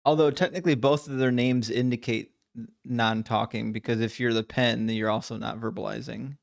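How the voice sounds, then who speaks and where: Joking man with a gravelly voice. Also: mid-range voice, fairly even intonation, dry recording, studio quality. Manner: joking, quick to correct himself, steers back to the text. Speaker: podcast co-host. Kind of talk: casual chat.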